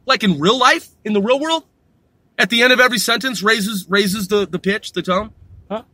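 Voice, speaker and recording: A man with an unusually high, bright voice delivers a heated, sarcastic podcast rant full of swearing. He speaks from his car, and the sound is dry and close. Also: moderate pace, no echo. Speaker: podcast host. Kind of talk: profane ranting monologue.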